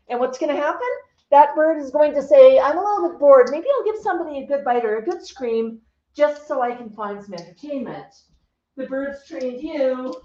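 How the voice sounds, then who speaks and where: A woman's voice: a little high, mellow. Chatty woman, bird stream host, echoey room. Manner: chatty, answers viewers by name, baby-talks to her parrot. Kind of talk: casual live-stream chat. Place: home. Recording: echoey room, dull lo-fi sound.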